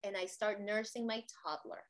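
A woman telling a personal story in an expressive way. She often ends her sentences with "right?" and acts out the voices of the people in her story. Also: medium pitch, moderate pace. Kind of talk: animated anecdote telling.

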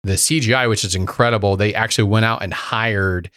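A man with a fairly low voice in a casual podcast chat. He explains things eagerly and stumbles over restarts. The sound is dry and close. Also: fairly even intonation, a little fast, a bit bright, dry recording. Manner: enthusiastic, many restarts. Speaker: podcast co-host.

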